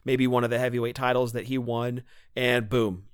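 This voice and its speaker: A man's voice: mid-range voice, level tone, moderate pace, clear, resonant tone, dry recording, clean studio sound. A man co-hosting a casual podcast chat, enthusiastic and emphatic. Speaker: podcast co-host.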